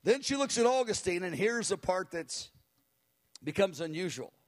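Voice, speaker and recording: A middle-aged man preaching, telling a story in an animated way and acting out quotes. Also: sits high, moderate pace. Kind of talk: sermon storytelling.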